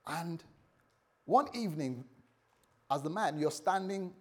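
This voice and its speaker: Taking his time, a man with a darkish tone and lively intonation delivers a morning sermon in a chatty way. He jokes with the congregation and voices the characters in the story, changing pitch and volume as he goes.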